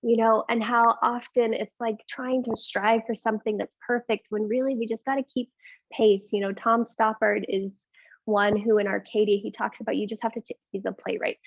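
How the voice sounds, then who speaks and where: A woman leading a live yoga class, mixing candid, rambling asides with calm, breath-led cues for poses. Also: medium pitch, no room sound. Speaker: yoga teacher. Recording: dull lo-fi sound, dry.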